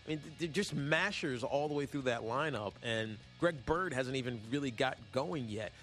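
A man hosting a sports radio show, talking at a middling pitch in a loose, rambling and jokey way, full of fillers. Faint music plays softly underneath him. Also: normal speed. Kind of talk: casual sports talk.

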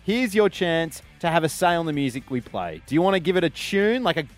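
A man's voice: on the high side, sing-song, fairly quick, faint music behind. An Australian man co-hosting a radio show, reading plugs and teasing his partner with wry jabs. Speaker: radio co-host. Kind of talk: radio banter and announcements.

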